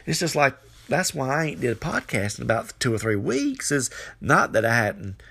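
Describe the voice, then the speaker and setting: A man's voice: mid-range voice, big pitch swings, moderate pace, gravelly, a bit bright, breathy edge. A man giving an earnest, folksy devotional sermon into his phone microphone. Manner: earnest, folksy, repeats phrases, exclaims hallelujah. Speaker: podcast preacher.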